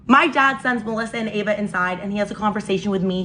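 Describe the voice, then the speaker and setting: A young woman in her twenties vlogging, telling an exasperated story in an animated way while doing her makeup. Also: mid-range voice, fast talker, hardly any pauses, a little hiss or hum.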